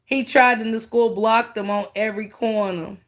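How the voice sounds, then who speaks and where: A woman's voice: on the high side, fairly even intonation, normal speed. A woman hosting a casual livestream, mocking a clip she reacts to and talking straight to her viewers with laughing asides. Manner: talks straight to chat, thanks viewers.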